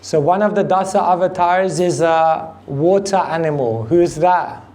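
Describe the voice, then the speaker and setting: A man's voice: on the high side, darkish tone. A man giving a devotional class to an audience, speaking unhurriedly and quizzing listeners with questions. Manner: unhurried, asks the audience questions, chuckles easily. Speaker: spiritual teacher. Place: temple hall with audience.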